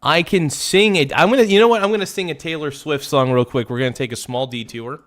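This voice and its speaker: A man hosting a casual livestream, excitable and swearing often as he thanks viewers by name. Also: a little high, fast. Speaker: livestream host.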